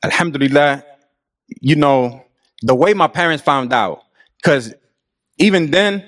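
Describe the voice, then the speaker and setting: A man's voice: on the high side, lively intonation, unhurried, fairly bright tone, no echo, clean studio sound. A middle-aged man telling his own life story in an earnest, reflective and casual way. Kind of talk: personal storytelling.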